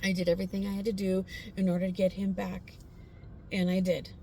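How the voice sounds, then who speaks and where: A woman sharing her personal faith testimony in a casual, earnest, heartfelt way, pausing often with fillers. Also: mid-range voice, monotone, dark tone, a little hiss or hum.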